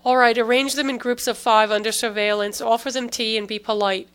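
A woman's voice: a little high, steady tone, a little fast, a bit bright, clear, resonant tone, natural voice. Woman reading as a curt, weary male security chief. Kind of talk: audiobook character reading.

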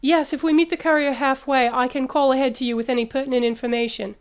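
Woman reading as a practical woman professor, calm, reasoned, higher voice. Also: fast talker, clean tone.

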